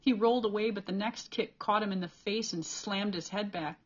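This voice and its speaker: A woman reading a novel chapter aloud as an audiobook reader, with steady, clear storytelling. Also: mid-range voice, moderate pace, dull audio.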